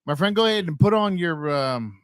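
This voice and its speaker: A man's voice: fairly high pitch, animated, a little fast, a bit bright, smooth, no room sound, studio quality. A man co-hosting a sports podcast, joking around with profane banter. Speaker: podcast co-host. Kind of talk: casual sports chat.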